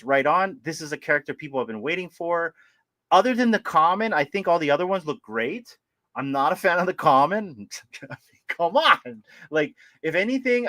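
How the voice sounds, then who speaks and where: A man co-hosting a casual livestream about collectibles, animated and laughing often as he greets viewers by name. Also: a little high, dry recording. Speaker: livestream co-host.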